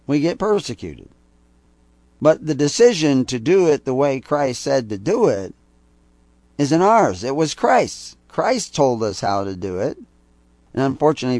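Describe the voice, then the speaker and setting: A man's voice: medium pitch, a little mellow, dry recording. An older man giving a rambling sermon-style teaching talk, hitting key words with sudden emphasis. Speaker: preacher.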